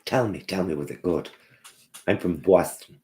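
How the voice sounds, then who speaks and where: A man's voice: low-pitched, normal speed, mellow. A man hosting a casual live-stream chat, chatty and answering viewers' comments by name.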